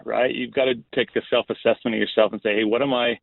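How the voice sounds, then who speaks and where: A man's voice: mid-range voice, little pitch movement, fast, vocal fry, dry recording. A middle-aged man, a school principal, telling a story in a casual podcast interview, earnest and often restarting his phrases. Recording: thin phone-like line.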